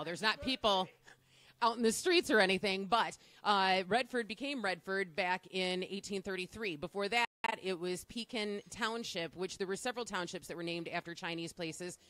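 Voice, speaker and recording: A woman's voice: mid-range voice, moderate pace, fairly bright tone. A woman radio host presenting a live on-location segment from a bakery, upbeat and teasing her co-host.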